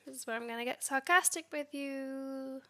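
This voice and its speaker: A woman vlogger narrating her coding session, talking back at the software in exasperation. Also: high voice, fairly even intonation, normal speed. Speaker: tech vlogger. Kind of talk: screen-recorded coding commentary.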